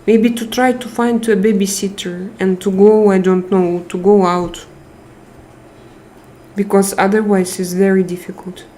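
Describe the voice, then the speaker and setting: Woman live stream host, tired, unhurried speech, emotional thanks to chat. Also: mid-range voice, flat delivery, a little hiss or hum. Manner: warm, emotional, reads out chat names and thanks viewers. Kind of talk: casual live chat with viewers.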